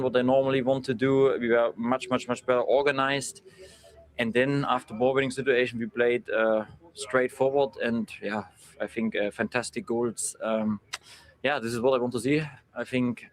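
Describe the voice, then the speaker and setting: A man's voice: mid-range voice, a little hiss or hum. Football manager guy, stop-start answers with lots of uhs, mid voice. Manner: halting, with many fillers, in non-native English phrasing. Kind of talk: post-match press conference.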